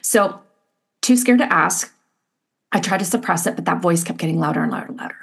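A middle-aged woman, an interview guest, telling a personal story in an animated, expressive way with lots of "like" fillers. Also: on the low side, fairly quick, vocal fry, breathy edge.

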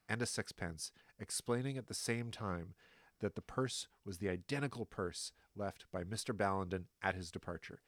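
A man reads out the testimony of a stern male colonial judge in his own deliberate voice, without adopting any accent. His pitch is fairly low, the recording is dry, and he sounds close to how he'd speak every day.

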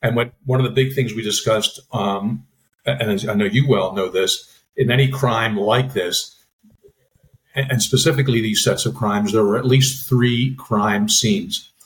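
Low-voiced man explaining with halting fillers. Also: steady tone, slight background noise, poor audio. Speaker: podcast co-host, former FBI agent. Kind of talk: casual podcast discussion.

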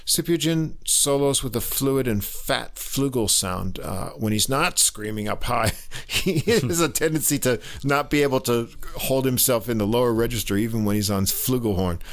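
A man talks through a jazz album in a relaxed review, his speech halting, packed with fillers, and dotted with little chuckles. He has a medium-pitched voice.

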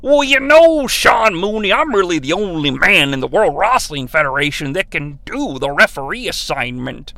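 Man doing a low drawling smug wrestler. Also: big pitch swings, moderate pace, vocal fry, few pauses, pushed and bright, dry recording, exaggerated voice. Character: smug male wrestler turned referee, low and evasive.

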